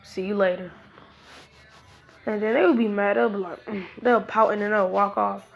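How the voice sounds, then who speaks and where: Gravelly woman rambling through a fan story. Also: medium pitch, steady tone, brisk. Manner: rambling, casual slang, many restarts. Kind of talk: improvised fan-fiction retelling.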